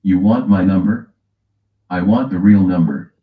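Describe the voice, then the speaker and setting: A man's voice: low-pitched, a little slow. A man with a New York accent bickering and teasing, swearing freely in casual stream chat. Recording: echoey, dull stream audio.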